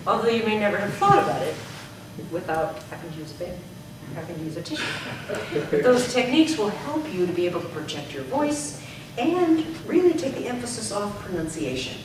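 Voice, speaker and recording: Energetic woman coaching in an echoey room. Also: medium pitch, fairly quick. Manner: energetic, emphatic, projecting to the back of the room. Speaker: speaking coach presenting to a club. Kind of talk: presentation with call-and-repeat drills. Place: meeting room. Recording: echoey room, distant mic, background noise.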